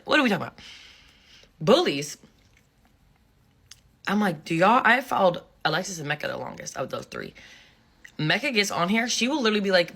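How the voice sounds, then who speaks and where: Blunt, bright-voiced woman ranting. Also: sits low, husky. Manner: blunt, emphatic, repeats phrases for effect. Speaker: social media commentator. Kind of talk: casual commentary rant.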